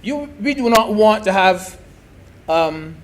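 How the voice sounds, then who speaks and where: A man's voice: sits high, lively intonation, slow pace. A man giving an emphatic speech in a senate debate, repeating key phrases and addressing the chair as sir.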